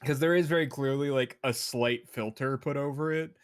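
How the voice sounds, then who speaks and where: A man's voice: mid-range voice, normal speed, clear, resonant tone, dry recording, studio quality. A man chatting casually on a stream, rambling with lots of fillers and restarts. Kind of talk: casual chat.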